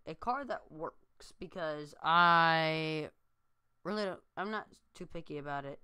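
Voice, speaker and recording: A man's voice: on the high side, sharp tone, clean tone, no echo, clean studio sound. A tired young man vlogging from his room, rambling with lots of fillers and restarts. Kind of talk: casual chat to camera. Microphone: new desk mic.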